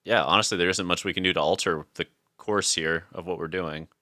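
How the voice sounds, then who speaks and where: A man with a low voice and a bright, forceful edge to it, talking through a card game match in loose, chatty banter. He reasons aloud, laughs often and keeps it relaxed. The sound is dry and close. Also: a little fast, no echo. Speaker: streamer playing a card game. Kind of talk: casual gaming chat.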